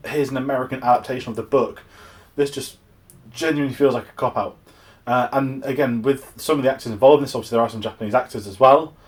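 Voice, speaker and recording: A young English man giving a casual, exasperated film review, rambling with frequent restarts. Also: mid-range voice. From England.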